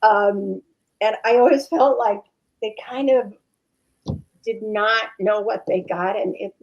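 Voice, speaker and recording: Actress lady guest on a call, husky voice with some fry, lots of um and you know. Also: medium pitch, slow, lo-fi sound. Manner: rambling, many fillers and restarts. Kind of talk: casual interview chat.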